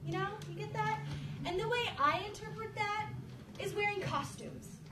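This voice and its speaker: A young woman performing a stand-up comedy routine, animated and acting out children's voices and her own. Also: very high-pitched, moderate pace. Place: university venue with live audience. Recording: roomy, distant mic, loud crowd and noise.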